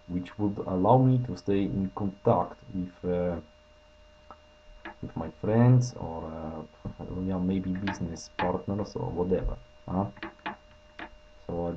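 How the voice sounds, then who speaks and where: A man's voice: deep voice, highs cut off. A man with a Russian accent casually demoing his prototype, hesitant and full of filler sounds. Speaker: inventor presenting a prototype. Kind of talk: casual product demo.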